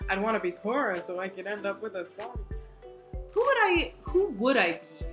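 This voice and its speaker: Speaking into her phone on a live stream, a young book fan host chats with viewers in a bubbly way, packing her talk with fillers. Her voice is mid-range and a touch bright, at a normal speed, over soft background music.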